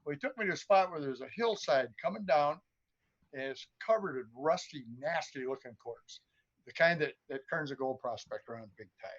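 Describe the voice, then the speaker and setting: A man's voice: a little high, moderate pace. A man, a gold prospector, telling a story casually over a video call and acting out the voices and sounds. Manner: animated storyteller who acts out voices and sounds. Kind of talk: casual storytelling on a live stream. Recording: muffled lo-fi stream audio.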